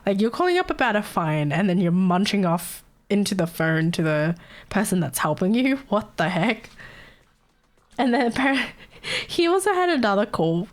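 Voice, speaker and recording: A woman's voice: mid-range voice, sing-song, moderate pace. Chatty, giggly young woman streamer. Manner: chatty and giggly, swears freely. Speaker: live streamer. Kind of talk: casual chat with viewers.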